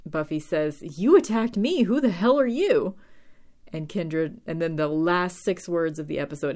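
A young woman with a low voice talks through a show recap in a loose, rambling way. She swears casually and jumps between thoughts. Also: a little mellow. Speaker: podcast host recapping episodes.

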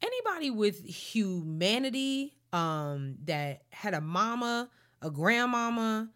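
A woman co-hosting a casual chat, talking bluntly with plenty of slang and quick laughs. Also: medium pitch, very animated, fairly bright tone.

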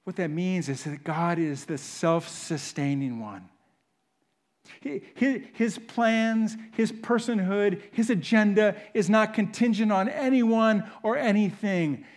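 A man preaching a sermon, swinging between loud emphatic bursts and hushed, intimate asides. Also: sits high, slow pace. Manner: animated, rises loud for emphasis then drops to hushed. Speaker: pastor. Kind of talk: sermon teaching.

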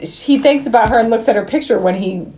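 A woman's voice: fairly high pitch, fast, darkish tone. A woman co-hosting a movie podcast, explaining a character's behavior in a matter-of-fact way while laughing. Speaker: podcast co-host. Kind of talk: casual movie chat.

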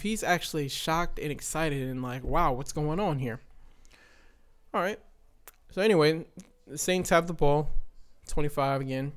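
A man in his twenties hosts a casual podcast and retells a game in a long, exasperated rant. His voice sits a little high for a man, and he keeps tagging his sentences with "right?" as he talks. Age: 20s. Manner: exasperated storytelling with many "right?" tags. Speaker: podcast host.

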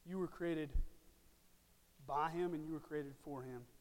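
A man's voice: on the high side, unhurried. A man preaching a sermon in a church, emphatic and direct with the congregation, repeating words for stress. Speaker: pastor. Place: church sanctuary. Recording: long hall reverb.

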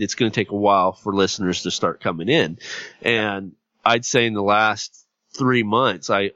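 A man with a low voice hosts a casual podcast interview, speaking plainly with small hesitations. The sound is dry, close, and a little dull. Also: fairly bright tone, dry recording. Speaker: podcast network host.

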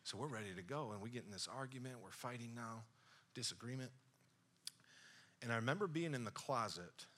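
Bright-voiced preacher man. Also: medium pitch, fairly quick, pauses often, slightly rough. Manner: builds from hushed storytelling to loud, excited preaching. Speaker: pastor. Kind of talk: sermon with personal story.

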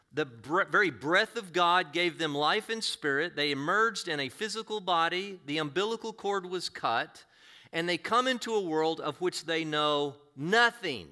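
A man's voice: a little high, pushed and bright. A man preaching a sermon as a pastor, earnest and conversational, often posing rhetorical questions to his listeners.

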